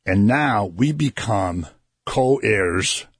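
Speaking very slowly in a lowish, slightly rough voice with lively intonation, a Christian radio host earnestly explains Scripture to his co-host and listeners. His conversational teaching builds emphasis, and the sound is clean studio audio with no room sound.

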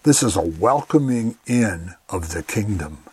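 A man's voice: lowish voice, animated, a little slow, a little mellow, breathy edge, no echo. A man giving a radio Bible teaching in an earnest, conversational way, often saying "you know".

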